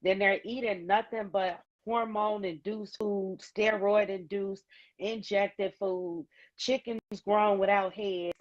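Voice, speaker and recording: A woman's voice: medium pitch, slow pace. Woman, talk show host, casual chat, emphatic storyteller, muffled lo-fi recording. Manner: lively storyteller, emphatic and joking. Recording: dull lo-fi sound.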